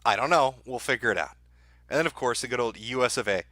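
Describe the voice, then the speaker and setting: A middle-aged man hosting a live stream, talking crudely and mockingly to his chat with deadpan asides. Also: medium pitch, fast talker, no room sound. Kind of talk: sardonic live-stream commentary.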